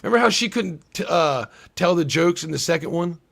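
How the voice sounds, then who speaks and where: A man's voice: fairly high pitch, lively intonation, a little fast, vocal fry, a bit bright. A man hosting a livestream discussion show, talking in a rambling, profane way and acting out movie lines. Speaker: podcast host. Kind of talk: casual livestream chat.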